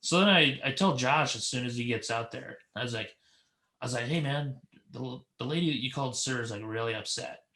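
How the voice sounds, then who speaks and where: A man hosting a podcast, telling an animated story and acting out the people in it. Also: medium pitch, a little fast. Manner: animated storyteller, acts out voices, laughs a lot. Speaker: podcast host. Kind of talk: casual chat, storytelling.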